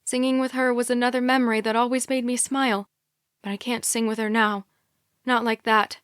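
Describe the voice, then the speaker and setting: A woman's voice: fairly high pitch, little pitch movement, brisk, fairly bright tone, smooth, dry recording. A woman reading a young adult thriller in the first person, tense and earnest, on a close studio mic. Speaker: audiobook narrator. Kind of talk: scripted first-person narration.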